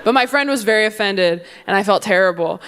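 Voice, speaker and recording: A woman's voice: mid-range voice, a little fast, a bit bright, clean tone. A young woman doing a stand-up comedy set on stage. She delivers punchy, playful lines and slips into mocking voices for the people in her stories. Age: young adult. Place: comedy stage before a live audience.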